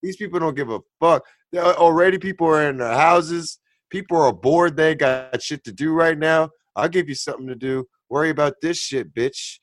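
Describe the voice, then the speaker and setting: A man's voice: a little high, moderate pace, a little hiss or hum. A man co-hosting a casual chat, reacting to a video in a ranting, profane way. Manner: ranting, profane, rising to loud outbursts.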